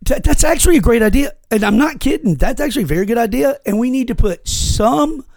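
A very high, creaky-voiced man talks fast as he co-hosts a podcast, recorded without echo. He tells an animated story in casual chat, packed with swear words.

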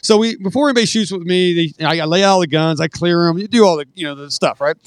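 A middle-aged man tells stories as a podcast guest in a fairly high voice. He swears freely and acts out the dialogue with lively energy. The sound is dry and close. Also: fast, no echo. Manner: profane, animated anecdote-telling that acts out quoted dialogue. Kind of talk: casual storytelling.

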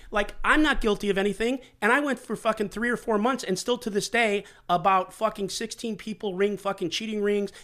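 A man's voice: high voice, bright, forceful tone. A middle-aged man hosting a talk show, talking bluntly and emotionally with constant swearing. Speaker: podcast host. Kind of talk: heated casual conversation.

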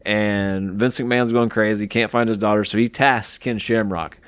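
A man's voice: on the low side, steady tone, normal speed, a bit bright, clean tone, no echo. A man co-hosting a wrestling podcast in casual chat, telling long rambling stories full of swearing. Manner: profane, rambling storyteller. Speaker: podcast co-host.

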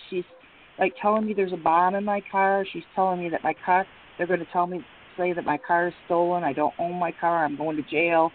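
Woman, middle-aged, rambling, halting with fillers, phone-line sound. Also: lowish voice. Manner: rambling storytelling with many fillers and restarts. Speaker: guest. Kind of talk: emotional personal account. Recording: tinny phone line with faint hiss.

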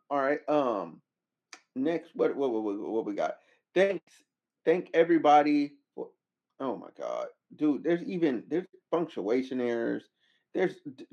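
A man hosting a casual commentary podcast, talking in a slangy way with incredulous, animated outbursts. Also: mid-range voice, moderate pace. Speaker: podcast host.

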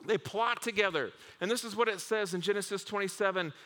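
A man preaching a sermon to a congregation, telling the stories with humor and lively asides. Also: high voice, brisk. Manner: humorous, animated storytelling with acted asides. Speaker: pastor. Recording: long hall reverb.

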